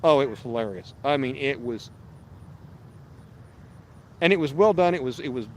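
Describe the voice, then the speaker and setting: A man's voice: medium pitch, animated, moderate pace, a little hiss or hum. A man, hosting a fishing livestream outdoors and chatting casually, rambling and restarting as he reads viewer messages. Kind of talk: casual live-stream chat. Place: outdoors at a park lake.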